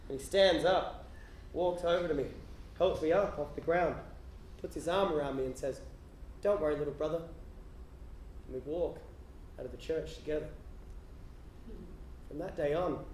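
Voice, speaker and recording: An Australian man telling an animated comic story live on stage, sometimes building to loud, laughing shouts. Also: fairly high pitch, moderate pace, long pauses, slight background noise. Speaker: comedian storyteller. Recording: roomy live venue echo.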